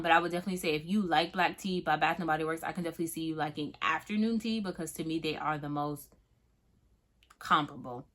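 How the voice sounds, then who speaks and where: Bright-voiced Southern woman reviewing perfumes. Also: fairly low pitch. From Florida. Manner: chatty and emphatic, many "um"s and "okay?"s. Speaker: fragrance reviewer. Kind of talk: casual product review vlog.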